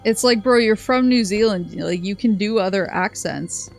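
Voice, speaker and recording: Rambling, animated woman streamer. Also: medium pitch, normal speed, creaky, faint music behind. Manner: rambling, animated, laughs a lot. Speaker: vtuber streamer. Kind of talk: casual gameplay chat.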